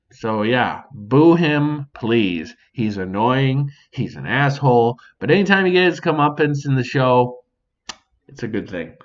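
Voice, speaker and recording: Slow, animated man podcasting alone. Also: mid-range voice, highs cut off. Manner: animated, swears freely, addresses imagined audience. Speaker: podcast host. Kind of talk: casual solo podcast commentary. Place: home near a sink.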